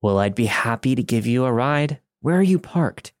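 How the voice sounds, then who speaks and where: A man's voice: medium pitch, lively intonation, moderate pace, no echo, studio quality, close to an everyday voice. A man voicing a creepy, grinning male stranger who pushes a lone walker to get into his car. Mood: eerily friendly. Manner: insistent, turning menacing.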